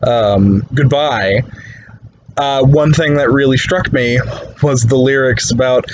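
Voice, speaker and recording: A man speaks slowly and deadpan into a phone from his bed, keeping his tone low-key throughout. His pitch sits mid-range. A faint hiss of noise runs under the recording. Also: low-quality recording. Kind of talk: deadpan joke-telling video message. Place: bedroom.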